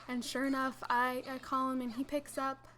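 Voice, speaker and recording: A young adult woman telling an animated story over gameplay, full of "like" fillers. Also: high-pitched, normal speed, a little hiss or hum. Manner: animated, breathless retelling with many "like" fillers. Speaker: gaming channel host.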